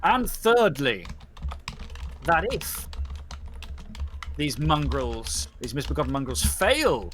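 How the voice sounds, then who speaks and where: Stern, imperious spirit judge of a court, slow formal verdicts, lively pitch, voiced by a man. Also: a little hiss or hum, heavily acted. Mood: scornful. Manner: formal, pronouncing judgments slowly.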